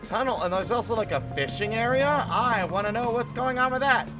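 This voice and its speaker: A man's voice: very high voice, expressive, brisk. A man streaming a driving game live, chatting casually with his viewers, joking and swearing freely. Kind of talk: casual live gameplay chat. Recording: game music behind the voice.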